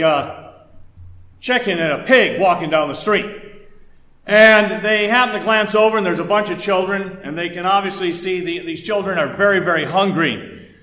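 A man's voice: sits high, a bit bright, echoey room, low-quality recording. A male pastor preaching a sermon in a conversational way, with folksy asides and stories.

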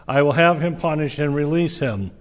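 A man reading the lines of an uneasy Roman governor in a measured, earnest way. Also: fairly high pitch, natural voice. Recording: reverberant hall.

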